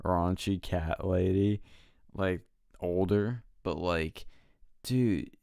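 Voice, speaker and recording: A man co-hosting a casual talk show, telling an animated story and mimicking the people in it. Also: low-pitched, extremely slow, gravelly, smooth, dry recording, studio quality. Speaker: podcast co-host. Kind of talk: casual chat.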